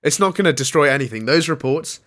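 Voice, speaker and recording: Man, comedy radio host, bright tense tone, jokey mock news delivery. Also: a little high, lively intonation, quick pace. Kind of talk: comedic retro radio banter.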